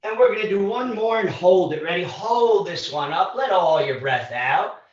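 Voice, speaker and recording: A man with a high-sitting, expressive voice leads a live virtual workout at a moderate pace. Out of breath, the fitness instructor encourages, counting down reps and cueing moves, with echoey, distant, dull livestream audio.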